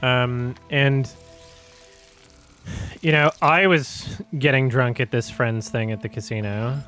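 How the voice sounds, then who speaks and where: A man telling a casual story on a stream, halting often and restarting his sentences. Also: medium pitch, steady tone, fairly bright tone, soft background music.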